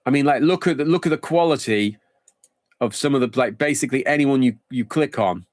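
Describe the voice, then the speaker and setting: A man streaming a game muses chattily over it in casual live commentary, rambling and thinking aloud. His mid-range voice moves at a brisk clip, captured in a dry recording.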